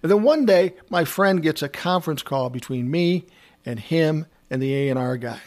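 A man's voice: fairly high pitch, expressive, normal speed, a little mellow. A man telling a casual anecdote from his time as a music producer, acting out the dialogue and swearing freely. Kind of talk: casual spoken storytelling.

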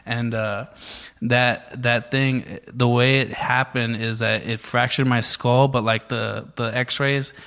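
A man's voice: mid-range voice, slow pace, creaky. Profane man telling a wild story. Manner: profane, animated storytelling, acts out quotes. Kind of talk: casual chat.

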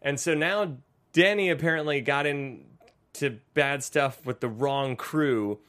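A man's voice: mid-range voice, takes it slowly, a bit bright. A young man co-hosting a casual movie-review chat, rambling and profane, often breaking into laughter. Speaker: podcast co-host.

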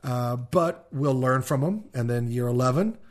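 A man's voice: medium pitch, normal speed. Male podcast co-host, casual, rambling delivery full of fillers. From Kansas City, USA. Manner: rambling, frequent ums and restarts. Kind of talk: casual chat.

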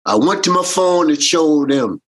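A man's voice: fairly high pitch, unhurried, breathy edge, rough recording. A man, a reggae bandleader telling stories in a casual interview and acting out the voices of people he quotes. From Jamaican American. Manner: animated, acts out quoted voices.

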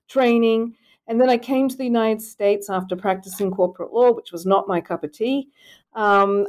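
A woman's voice: mid-range voice, darkish tone. Podcast guest: middle-aged woman, faint Australian accent, thoughtful, fillers. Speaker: guest author, professor. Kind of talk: podcast interview.

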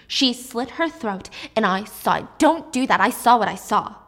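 A woman's voice: a little high, animated, moderate pace. A woman voicing a frightened young wife who pleads to be believed, distraught and insistent. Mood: distraught pleading.

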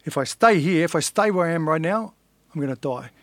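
A man's voice: on the high side, animated, fairly quick, no room sound. A man in his forties, a fighter being interviewed, telling his life story in a blunt, earnest way and swearing casually. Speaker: guest, fighter.

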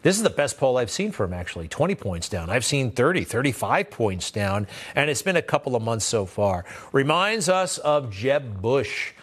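A man's voice: mid-range voice, big pitch swings, moderate pace, few pauses, breathy edge. A man hosting a news show, giving blunt, sarcastic political commentary in a conversational way. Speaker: host.

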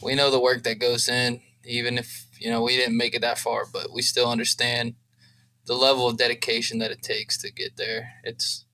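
Young male co-host, emotional rambling chat, bright tense tone. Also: medium pitch, monotone, normal speed, rough recording. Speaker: podcast co-host. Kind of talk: casual chat.

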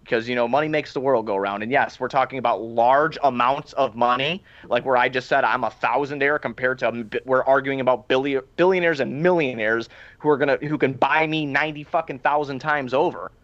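Man, fast and blunt sports podcast co-host, curses freely, dull lo-fi sound. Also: medium pitch, fairly bright tone, dry recording. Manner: profane, emphatic, laughs often. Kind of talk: casual sports chat. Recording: muffled lo-fi audio.

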